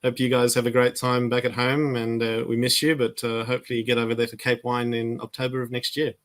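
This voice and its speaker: A man's voice: mid-range voice, completely flat delivery, fast, fairly bright tone. A man speaking as a wine importer guest, businesslike, with many hesitations. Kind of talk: interview answers. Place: Sydney.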